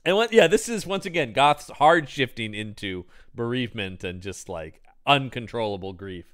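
A man's voice: medium pitch, expressive, normal speed, fairly bright tone. A man co-hosting a casual movie recap, laughing often and acting out the characters' lines. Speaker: podcast co-host.

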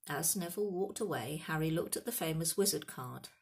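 A woman reading a children's novel aloud as an audiobook, lively in the character voices. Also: low-pitched, fairly quick, gravelly, few pauses, husky. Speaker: reader.

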